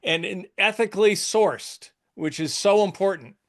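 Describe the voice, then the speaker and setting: A man's voice: sits high, a little slow. A man hosting a podcast, talking in an earnest, folksy, casual way. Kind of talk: casual conversation.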